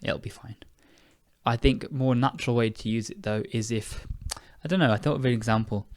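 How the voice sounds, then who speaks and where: A young man from the United Kingdom, an English teacher hosting an English-learning podcast, talks briskly in a mid-range voice with a darkish tone. Though he sounds tired, he's casual and chatty, catching and correcting himself and laughing at his own expense. The sound is clean studio audio, dry with no reverb.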